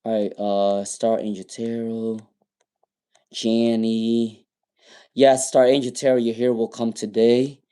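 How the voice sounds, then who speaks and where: A man's voice: medium pitch, level tone, slow, dark tone, clean tone. A man doing live tarot readings on a stream, rambling and repeating viewers' names with many ums. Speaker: tarot reader.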